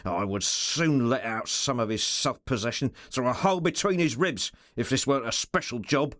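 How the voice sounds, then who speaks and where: A man voicing a rough, loyal henchman who argues in coarse common speech, with a soft purr and a snarling undertone. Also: medium pitch, normal speed, no room sound, clean studio sound, lightly acted. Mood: indignant. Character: rough loyal male henchman, fretful and scrappy.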